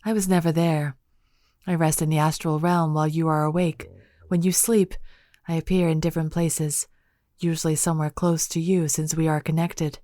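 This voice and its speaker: A woman voicing a calm, formal phoenix spirit. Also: deep voice, moderate pace, no room sound, studio quality, natural voice. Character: ancient female phoenix spirit, calm and knowing.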